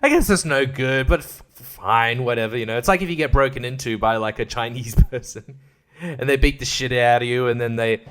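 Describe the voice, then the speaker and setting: A man's voice: medium pitch, fairly quick, a bit bright. A man hosting a podcast, ranting in a rambling, crude, comedic way and laughing at his own jokes. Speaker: podcast host. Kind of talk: casual comedic rant.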